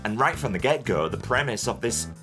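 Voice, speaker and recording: A man's voice: mid-range voice, animated, a little fast, vocal fry, over music. A man narrating a comedic TV review, sardonic and profane, often poking fun at himself. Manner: sardonic, profane, self-mocking.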